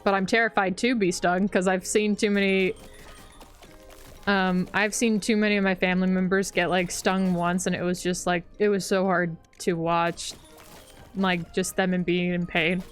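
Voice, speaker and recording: A woman's voice: fairly low pitch, level tone, moderate pace, soft background music. A young adult woman streaming a game and chatting casually, rambling with lots of fillers and frequent laughter. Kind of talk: casual chat while gaming.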